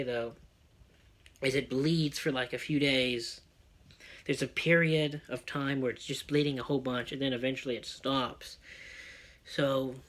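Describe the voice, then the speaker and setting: A man telling a personal story as a rant, excitable and full of swearing. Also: mid-range voice. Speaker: vlogger.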